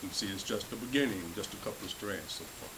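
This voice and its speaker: A man's voice: fairly low pitch, fast talker, background noise. A man reading a children's picture book aloud at a school festival, playing up the animal noises.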